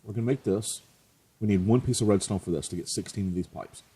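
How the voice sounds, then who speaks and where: A man's voice: fairly low pitch, fast, mellow, husky. A man hosting a let's play, chatting casually and joking at his own expense as he plays. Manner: chatty, joking, self-mocking. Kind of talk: casual gameplay commentary.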